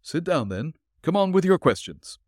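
Man doing a nervous older businessman, jumpy high voice, flustered, pleading, dry sound. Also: big pitch swings, moderate pace, a little mellow, breathy edge, no echo. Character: excitable nervous older businessman in his sixties.

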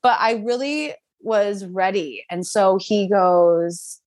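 A young woman telling her personal faith testimony in an interview, animated and full of fillers, acting out what others said. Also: mid-range voice, takes it slowly, hardly any pauses, no room sound. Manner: animated storytelling, acts out quotes, many fillers. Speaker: guest.

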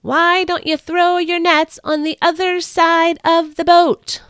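A woman voicing a man who calls out loudly from the shore to fishermen in a boat, in a family storybook reading. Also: flat delivery, slow, dry recording, clean studio sound, full character voice. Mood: calling out. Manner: calling out loud and high across water.

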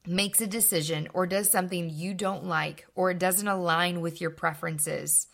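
Woman, young adult, low gravelly voice, measured earnest advice talk. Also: fairly bright tone. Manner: measured and earnest, slows to stress key words. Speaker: speaker giving life advice. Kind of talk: calm scripted talk to camera.

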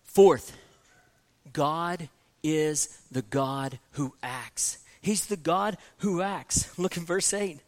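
High-voiced man preaching with emphatic swings. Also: drawn-out words. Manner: emphatic, repeats key phrases, swings from soft to loud. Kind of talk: sermon.

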